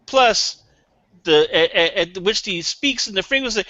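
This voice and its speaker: A man's voice: high voice, animated, unhurried, sharp tone, dry recording. A man on a comedy panel game, giving a mock-serious, argumentative improvised answer. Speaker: panel contestant. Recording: muffled lo-fi recording.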